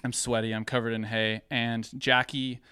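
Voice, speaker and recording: Young man, from the Atlanta area, animated personal storytelling, laughs at himself, bright voice, clear and dry. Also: mid-range voice, moderate pace, no echo. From Atlanta area, United States.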